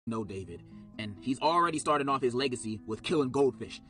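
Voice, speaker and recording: A man giving a comedic commentary on a children's book, swinging between low deadpan and sudden shouted outrage. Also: quick pace, soft background music.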